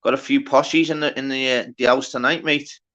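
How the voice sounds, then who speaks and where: A man's voice: medium pitch, steady tone, a little fast, a bit bright, muffled recording. A man hosting a casual livestream, reading out the chat, greeting viewers by name and bantering with plenty of swearing. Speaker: livestream host.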